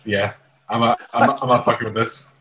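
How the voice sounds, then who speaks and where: A man's voice: medium pitch, fairly even intonation, a little fast, pushed and bright, reverberant. A man playing a tabletop game, talking casually with a playful, jokey manner. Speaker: player.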